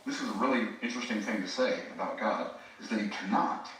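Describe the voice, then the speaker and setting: A preacher gives a live teaching talk in a bright, forceful voice, chatting directly with his audience. The sound is very roomy. It is picked up from a distance. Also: on the low side, fast talker, slight background noise. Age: 60s. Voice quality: conversational, addresses the audience directly. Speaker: preacher and speaking coach.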